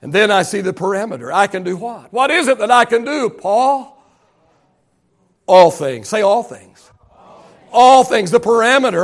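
Gravelly high-voiced preacher man. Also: very animated, measured pace, pauses often. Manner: emphatic preaching, calls for congregation responses. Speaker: pastor. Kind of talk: sermon. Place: church sanctuary.

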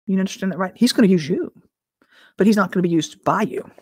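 A woman teacher and minister giving informal prophetic teaching in a conversational way, full of rhetorical questions and an occasional throat clearing. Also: mid-range voice, fast, mellow, dry recording, studio quality.

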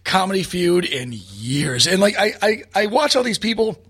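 A man's voice: high-pitched, normal speed, breathy edge. A man from Orange County, California, a comedian telling stories in casual chat, acting out voices and swearing. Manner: animated storyteller, acts out voices, swears. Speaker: stand-up comedian guest.

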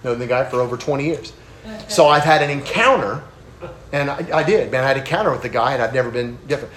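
A man preaching a sermon, rising high and loud on key points and dropping low and quiet as he tells a personal story, talking casually with many restarts. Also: lively intonation, quick pace.

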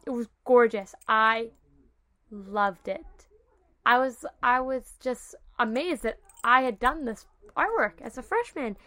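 Bright-voiced young woman telling stories. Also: fairly high pitch. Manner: chatty, animated, fond of "like" and "oh my God". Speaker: podcast host. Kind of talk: casual storytelling.

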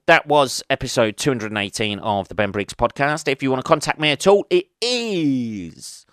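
Male host, profane solo rant, smooth dry close-mic sound. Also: mid-range voice, lively intonation, normal speed, a bit bright, no room sound. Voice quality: profane, rambling, thinks aloud. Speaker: podcast host.

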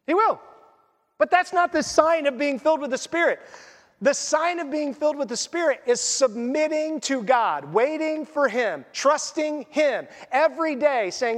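High-voiced preacher in an echoing hall. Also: male voice. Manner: conversational, animated preaching with asides. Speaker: pastor. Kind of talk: sermon. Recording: long reverb in a large hall.

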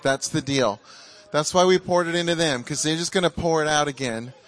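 A man preaching in a relaxed, conversational way and leading a congregation in prayer. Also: on the high side, brisk. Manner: ecstatic, exclaiming and laughing during prayer. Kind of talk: charismatic sermon and prayer ministry.

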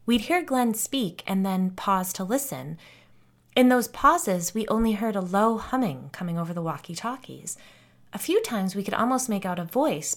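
A woman narrating a first-person audiobook, expressive and dropping low and soft on tense moments.

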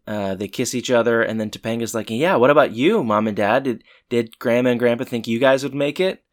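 A man co-hosting a casual recap chat, retelling scenes with relaxed, dry asides. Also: medium pitch. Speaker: podcast co-host.

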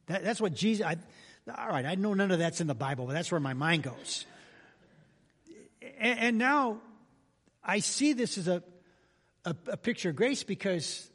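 A man's voice: high voice, lively intonation, moderate pace, pauses often, a bit bright, husky. A man pastor giving a sermon in a folksy, humorous, conversational way with sudden emphatic bursts. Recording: reverberant church hall.

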